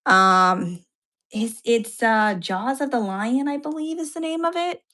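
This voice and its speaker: A woman's voice: fairly high pitch, unhurried, bright, forceful tone. A woman chatting casually on a live stream from home, rambling and self-deprecating, with many fillers. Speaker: co-host of art live stream. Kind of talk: casual chat. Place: home upstairs room.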